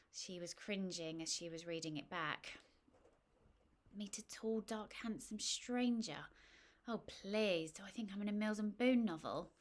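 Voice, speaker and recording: A woman reading a short story aloud, with a wry, gently humorous delivery. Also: fairly low pitch. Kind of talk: scripted narration.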